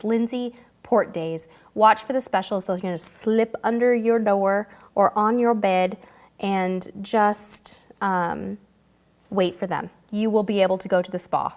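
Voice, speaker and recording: Chatty woman host, slightly high-pitched, warm and bubbly, reading out viewer questions. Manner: bubbly, chatty, emotional, self-deprecating.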